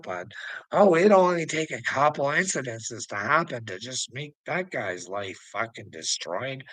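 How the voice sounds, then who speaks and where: Slow, bright-voiced man taunting and laughing. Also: on the high side, no echo, rough recording. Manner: taunting, profane, breaks into frequent laughter. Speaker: online commentator. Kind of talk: ranting monologue to camera.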